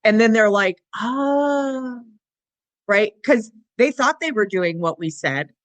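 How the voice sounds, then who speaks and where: Woman on a dog podcast, bright clear voice, dry close sound, chatty, acts out the dogs and owners. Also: mid-range voice, expressive, normal speed, no echo. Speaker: podcast co-host and dog trainer. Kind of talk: casual podcast conversation.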